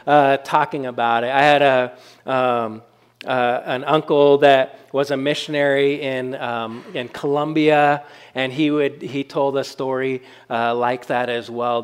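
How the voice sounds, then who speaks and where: A man's voice: medium pitch, fairly even intonation, measured pace, clear, resonant tone. A man preaching a sermon as pastor, in a conversational style with frequent fillers and check-ins with the congregation.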